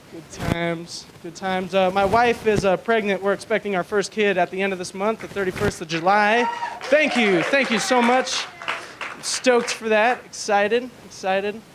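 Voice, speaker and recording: A man's voice: high voice, steady tone, unhurried, noisy background. A young man doing a stand-up comedy set in a small club. He tells crude, rambling stories and fills them with likes and you-knows. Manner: crude, rambling storytelling with many fillers.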